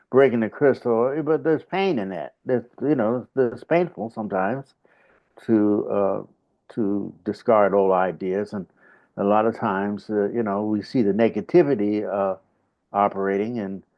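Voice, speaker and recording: Low-voiced man musing over a muffled call. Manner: rambling, halting, many fillers and "you know"; hums little grunts to illustrate. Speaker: saxophonist and bandleader, interview guest. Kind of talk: casual reflective storytelling. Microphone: video call. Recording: dull lo-fi video call audio.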